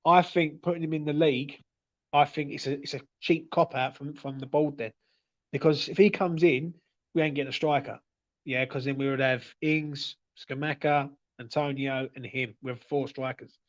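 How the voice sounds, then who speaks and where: A man's voice: on the high side, fairly even intonation, moderate pace, dull audio. A man hosting a fan livestream, chatting casually and stumbling over his words, often tossing in "yeah?" and "mate". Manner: chatty, stuttery, tag questions like "yeah?" and "mate". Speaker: fan channel host reading viewer comments.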